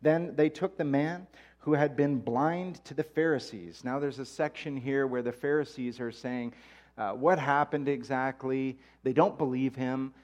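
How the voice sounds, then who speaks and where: A man's voice: medium pitch, fairly even intonation, measured pace, darkish tone. A man preaching a sermon, reading scripture aloud in a conversational way and animating the quoted voices.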